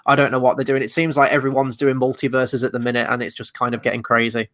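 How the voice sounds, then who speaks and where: Man, quiz co-host, rambling and jokey, mid pitch. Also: little pitch movement, fast talker, fairly bright tone. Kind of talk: casual quiz chat.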